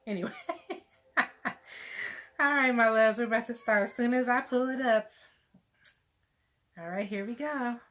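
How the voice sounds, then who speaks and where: Chatty woman with a bright voice. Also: a little high, a little slow, pauses often. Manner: chatty, playful, joking, with laughs and fillers. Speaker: meditation group host. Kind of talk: casual livestream chat.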